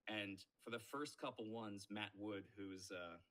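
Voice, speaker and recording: Animated man telling stories. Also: fairly low pitch, a little slow. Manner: animated storyteller, acts out quoted voices. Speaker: voice actor guest. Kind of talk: casual podcast interview storytelling.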